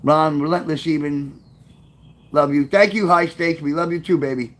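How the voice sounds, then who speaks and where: A man's voice: fairly high pitch, steady tone, normal speed, a bit bright. A middle-aged man, casually telling memoir stories on a livestream in a rambling, profane way and reading out chat comments. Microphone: webcam.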